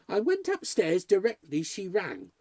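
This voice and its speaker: Guy doing a squeaky scared young maid, rattles on breathless, husky. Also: wildly swooping pitch, measured pace, darkish tone, no room sound, studio quality, exaggerated voice. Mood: anxious. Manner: breathless, tumbling, high-strung. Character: young nervous housemaid, excitable and gossipy.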